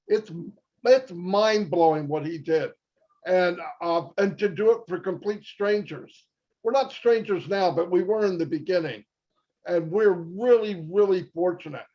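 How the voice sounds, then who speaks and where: A man's voice: high-pitched, darkish tone, lo-fi sound. An older man giving an effusive, joking motivational talk on a livestream.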